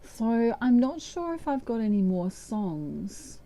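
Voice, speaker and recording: Slow, mellow Australian woman reading tarot. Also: on the high side, sing-song. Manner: chatty, meandering, breaks into humming. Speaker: tarot reader. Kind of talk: casual channelled reading.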